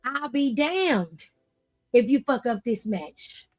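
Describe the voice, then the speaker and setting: A woman's voice: on the high side, very animated, slow, no room sound, soft background music. A woman voicing a menacing male wrestler enforcer who threatens with profanity. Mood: threatening.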